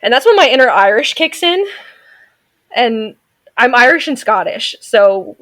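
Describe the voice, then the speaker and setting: A woman's voice: fairly high pitch, very animated, unhurried, a bit bright. A woman in her thirties, a veterinary technician, telling stories as a guest on a casual podcast in a sassy, outspoken way. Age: 30s. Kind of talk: casual interview chat.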